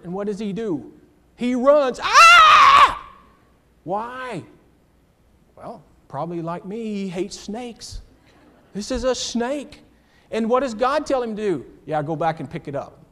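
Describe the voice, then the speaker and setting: A man's voice: a little high, in a large hall. A man teaching a church class in a sermon style, emphatic and full of rhetorical questions and personal asides.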